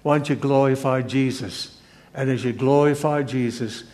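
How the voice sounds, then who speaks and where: An older man gives a sermon and reads scripture with earnest hesitation, many fillers and repeated restarts. His medium-pitched voice has a darkish tone and fairly even intonation.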